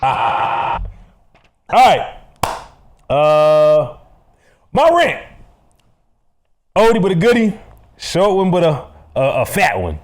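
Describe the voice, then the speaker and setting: Podcast co-host, young man, high and lively voice, emphatic rant delivery. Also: extremely slow, pauses often. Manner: animated, emphatic, laughs a lot.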